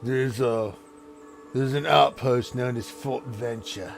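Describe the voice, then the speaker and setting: A man voicing a giant male ogre lord in a solemn baritone. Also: slow, creaky, faint music behind. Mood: grave.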